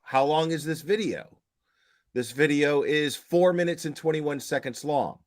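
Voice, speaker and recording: A somewhat high, slightly slow male voice delivers relaxed true crime commentary, doubting and probing as he goes. Restarts trip him up, rhetorical questions come rapidly, and he acts out what the dispatcher asked.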